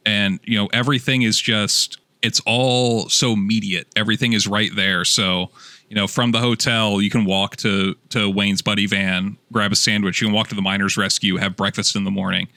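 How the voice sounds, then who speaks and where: Man, casual podcast chat, eager, dry close sound, lowish voice. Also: fairly even intonation, normal speed, sharp tone, no room sound. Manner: enthusiastic, rambling with fillers. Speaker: podcast guest.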